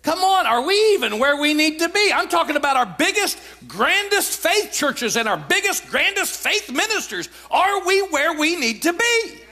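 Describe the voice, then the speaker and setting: Male preacher, shouted exhortations, high bright voice, swinging pitch. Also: big pitch swings, moderate pace, few pauses. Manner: emphatic, often shouting declarations; repetitive call-and-response exhortation. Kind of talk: sermon.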